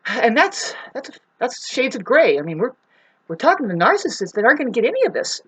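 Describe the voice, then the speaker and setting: A woman talks to her camera from home, rambling through a spiritual monologue. Her voice is lively and swings widely in pitch. She swears freely and breaks into emphatic outbursts. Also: a little fast, slightly rough. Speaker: spiritual astrology vlogger.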